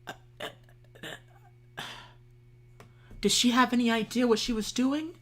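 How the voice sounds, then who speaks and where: A man's voice: very high voice, steady tone, measured pace. A man hosting a casual chat stream, stammering and repeating himself as he talks. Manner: stammering, repeated apologies through laughter. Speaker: stream host.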